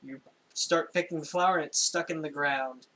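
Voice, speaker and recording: A young man in a slightly higher voice runs a tabletop game as game master, casual and halting, laughing often. A faint hum sits under his voice. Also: fairly even intonation, pushed and bright, low-quality recording. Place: home room, recorded for a stream.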